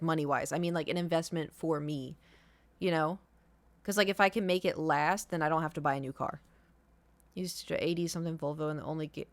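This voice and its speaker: A woman's voice: deep voice, no echo. Rambling, chatty woman streamer. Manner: rambling and chatty, with many fillers. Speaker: livestreamer. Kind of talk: casual chat on a live stream.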